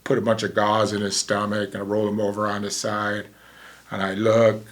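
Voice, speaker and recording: A man's voice: lowish voice, completely flat delivery, brisk. A man in his sixties, a former paramedic, telling a vivid story in a casual way and acting out the dialogue.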